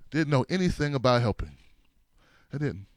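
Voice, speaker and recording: A middle-aged man hosting his own show, telling a comic story in an animated way, laughing along and dropping to hushed asides. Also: medium pitch, no echo. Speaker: show host.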